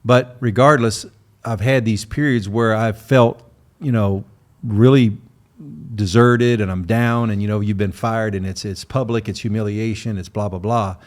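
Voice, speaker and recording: Male coach hosting, halting and rambling. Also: on the low side, fairly even intonation. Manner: halting, many fillers and restarts. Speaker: coach, podcast host. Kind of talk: rambling interview questions.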